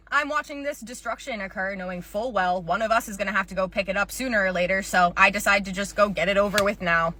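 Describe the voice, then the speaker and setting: A woman's voice: medium pitch, a little fast, pushed and bright. A woman telling comedic storytimes about working as a store cashier, with a sarcastic, exasperated delivery.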